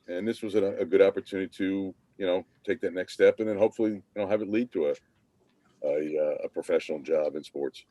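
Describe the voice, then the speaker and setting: A man's voice: low-pitched, warm tone, dry recording. A man, a podcast guest who tells long stories over a video call, rambling with many restarts. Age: 50s. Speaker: podcast guest, former team manager. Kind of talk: casual interview storytelling.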